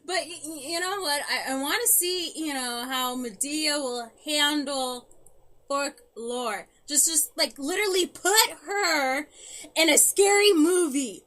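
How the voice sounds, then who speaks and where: Casting: high, bright woman co-host, slow and giggly. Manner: giggly, halting, with restarts. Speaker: podcast co-host. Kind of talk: casual chat.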